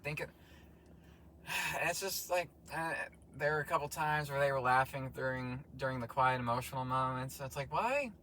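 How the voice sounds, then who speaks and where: A man's voice: mid-range voice, moderate pace, bright, forceful tone, a little hiss or hum. A man co-hosting a casual movie review chat, sarcastic with crude jokes. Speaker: co-host.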